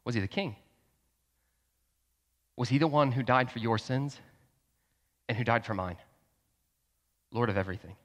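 A man's voice: medium pitch, a bit bright. A young adult man and pastor preaching a sermon in a conversational, emphatic way, firing off rhetorical questions in a church hall. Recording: long hall reverb.

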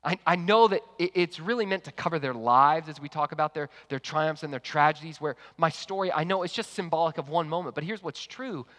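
A man, preaching a sermon and telling a story, animated, with loud excited bursts and quiet hushed asides. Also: on the high side, fairly quick, few pauses. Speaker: pastor. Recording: long hall reverb.

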